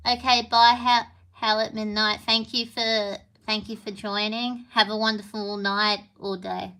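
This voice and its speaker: Woman, live-stream quiz host, crisp bright tone, rambling and chatty, filler-heavy. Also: medium pitch, little pitch movement, a little slow. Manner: chatty and meandering, many fillers, apologetic. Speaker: livestream trivia host. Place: home with a piano.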